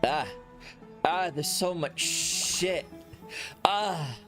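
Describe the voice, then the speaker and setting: A man's voice: fairly high pitch, drawn-out words, over music. A man giving casual gameplay commentary, joking, self-mocking and swearing as he reacts to the game. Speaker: gaming streamer.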